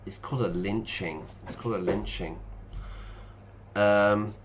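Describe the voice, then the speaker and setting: Talkative teacher-streamer man, lowish voice, dull lo-fi audio. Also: fairly even intonation, unhurried, noisy background. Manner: chatty, explains words and reads game text aloud. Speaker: English teacher streaming a game. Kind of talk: casual let's-play commentary.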